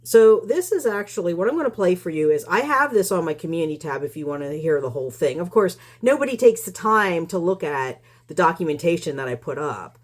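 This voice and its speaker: Woman, low-pitched, combative, rambling, casual vlog commentary. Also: expressive, fairly quick, few pauses. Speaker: YouTube commentator.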